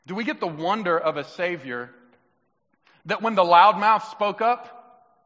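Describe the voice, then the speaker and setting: Bright, fairly high-pitched male pastor delivering a sermon in a church whose long reverb rings after each phrase. He moves between loud, emphatic questions and quiet, hushed reflection, and he acts out the voices he quotes. The recording sounds a little muffled. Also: animated, measured pace. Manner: acts out quoted voices of Jesus, children and himself. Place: church sanctuary.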